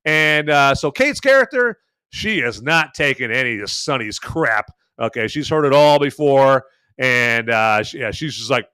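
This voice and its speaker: Chatty man with a smooth voice. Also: medium pitch, animated, unhurried, bright, forceful tone, no room sound. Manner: chatty, filler-heavy, emphatic asides. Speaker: podcast host reviewing a film. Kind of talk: casual spoken film review.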